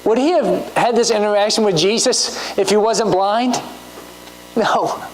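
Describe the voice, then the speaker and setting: A woman's voice: medium pitch, unhurried, a little hiss or hum, rough recording. A woman preaching a sermon in a church, earnest and asking rhetorical questions.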